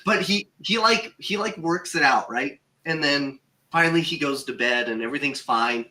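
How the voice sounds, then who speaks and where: A man on a casual podcast, telling a funny story with lively acted-out quotes. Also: fairly high pitch, moderate pace, recorded from a distance, rough recording. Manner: animated storyteller, acts out quotes. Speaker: paranormal show regular telling a story.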